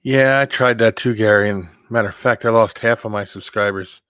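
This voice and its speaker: Rambling man clearing his throat. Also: on the low side, fairly quick, a bit bright, dry recording, clean studio sound. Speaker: host of a live hangout stream. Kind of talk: casual live-stream chat.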